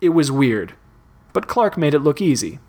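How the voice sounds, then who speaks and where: Guy reading a story out loud, steady and plain. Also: a little high, moderate pace. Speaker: narrator. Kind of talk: reading a fan story aloud.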